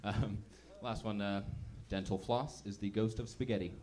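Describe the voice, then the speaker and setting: A man's voice: lowish voice, fairly even intonation, normal speed, a little mellow. A man doing a stand-up comedy set in a club, chatty and self-mocking, acting out little voices as he goes.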